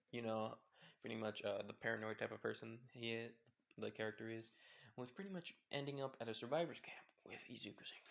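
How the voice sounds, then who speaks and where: A man's voice: lowish voice, fairly even intonation, fairly quick, creaky, a bit bright. A man casually retelling a fan story, rambling with fillers and self-corrections.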